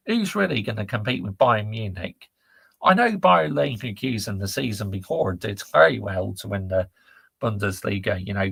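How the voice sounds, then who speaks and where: A gravelly, husky man, talking bluntly and reacting to chat on a live stream. His voice is close and dry, with no room sound, and his pitch sits in the middle. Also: fairly bright tone, no echo. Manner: ranting, blunt, laddish slang. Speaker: football channel host reading live chat.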